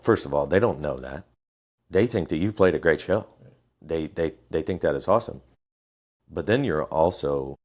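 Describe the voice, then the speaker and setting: Really deep voiced guy on a podcast, hedgy, thinks out loud, drops swears. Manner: hedging and thinking aloud, with restarts and swearing. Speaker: podcast guest, firefighter. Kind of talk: casual podcast chat.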